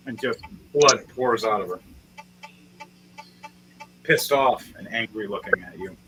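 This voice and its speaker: A man's voice: medium pitch, measured pace, rough recording. A man narrating as game master of a tabletop game, describing combat in graphic, profane detail. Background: music playing.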